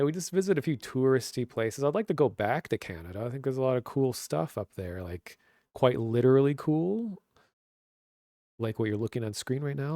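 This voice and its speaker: Chatting casually over a webcam stream mic, this thirtysomething man with a Minnesotan accent wanders through his talk with plenty of fillers. His voice sits at medium pitch with a darkish tone, and the sound is clean and studio-like, with no room sound at all.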